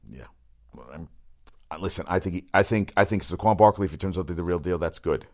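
Podcast host, male, lowish voice, rambling and excitable, swears freely, keeps correcting himself. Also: fast. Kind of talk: solo sports podcast rant.

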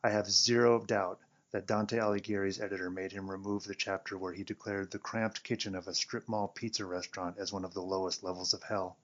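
Man, lowish voice, wry first-person story reader, muffled lo-fi recording. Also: level tone, fairly quick, few pauses. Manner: wry, sardonic narration. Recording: dull lo-fi recording.

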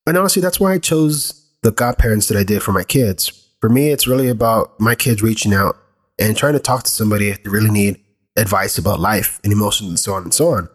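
A man's voice: lowish voice, fast. Earnest father talking candidly. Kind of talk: reflective personal talk.

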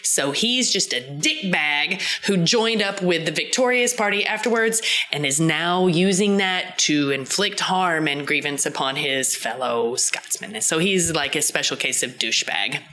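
A woman with an Arkansas Southern accent, co-hosting a podcast and recapping a TV episode in a profane, animated way with sound effects. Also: sits low, unhurried, hardly any pauses. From Southern United States. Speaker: podcast co-host. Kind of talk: casual chat recapping a TV episode.

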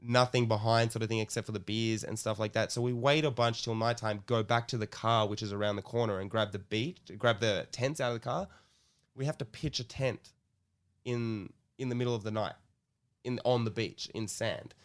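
A man's voice: on the low side, fairly even intonation, moderate pace, clear, resonant tone. A young man telling a rambling story in casual chat, swearing and restarting often. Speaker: guest storyteller.

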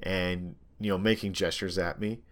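A young man casually telling a long, animated story, full of ums and likes. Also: low-pitched, moderate pace.

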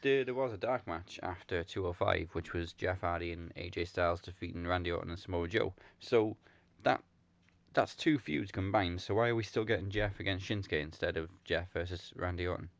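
A man co-hosting a casual wrestling podcast, explaining things in a relaxed way. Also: deep voice, a little fast, creaky. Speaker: podcast co-host.

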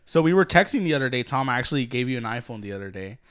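A man's voice: mid-range voice, expressive, very fast, a bit bright. A young man hosting a casual joking chat, teasing and swearing, laughing often. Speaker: host.

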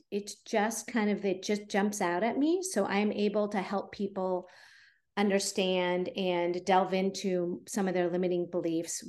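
This fertility coach, a guest on a podcast interview, describes her methods earnestly and conversationally, with fillers. She speaks in a mid-range, somewhat mellow voice.

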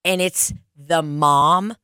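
A woman's voice: deep voice, very slow, bright, forceful tone, clean tone, no room sound, clean studio sound. A young adult woman hosting a podcast, telling a rambling, profane story in casual chat. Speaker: podcast host.

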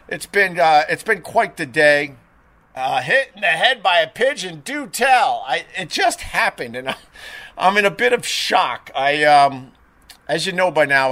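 A middle-aged man with a bright, forceful voice pitched a bit high, hosting a live stream. He tells chatty, rambling anecdotes, full of "uh"s and restarts. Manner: chatty, animated anecdotes with frequent fillers and restarts. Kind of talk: casual rambling storytelling.

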